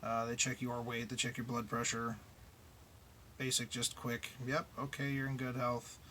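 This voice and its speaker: A man's voice: mid-range voice, monotone, normal speed, pushed and bright, a little hiss or hum. A middle-aged man who drives trucks, talking casually and bluntly in a vlog and grumbling about his frustrations.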